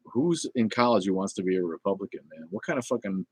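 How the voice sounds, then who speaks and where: A middle-aged man with a lowish voice chats through a livestream, drifting from one thing to the next with plenty of ums and false starts. His tone is blunt and irreverent, and the sound is dry, close, with almost no room. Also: lively intonation, quick pace, darkish tone, husky, dry recording. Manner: rambling, chatty, with many fillers and restarts. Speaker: livestream host. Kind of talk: casual livestream chat reading viewer comments.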